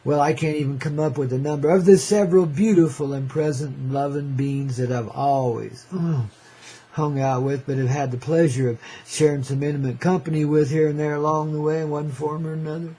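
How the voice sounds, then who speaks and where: A man's voice: fairly high pitch, fairly even intonation, a little fast, dark tone, breathy edge. An older man hosting a radio show, rambling in a laid-back hippie drawl, often saying "man" and laughing. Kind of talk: rambling casual radio monologue.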